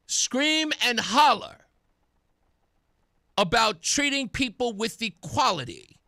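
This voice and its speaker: Animated high-voiced male radio host. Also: no room sound, clean studio sound. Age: young adult. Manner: animated, sarcastic, emphatic. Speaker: radio talk show host. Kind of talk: opinionated talk radio monologue. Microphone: studio microphone.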